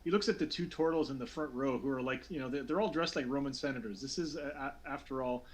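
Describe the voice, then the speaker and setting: A man's voice: medium pitch, fast, crowd noise. Game master, male, casual rambling narration full of restarts, mid-range voice. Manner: rambling, hesitant, lots of fillers and restarts.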